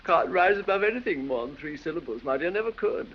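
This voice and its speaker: An actor playing a giggling foppish aristocrat. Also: male voice, fairly high pitch, expressive, quick pace, natural voice. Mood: wry. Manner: affected drawl, giggling and dithering. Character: foppish, silly English aristocrat dandy. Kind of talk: 1930s film acting. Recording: dull old film soundtrack with hiss.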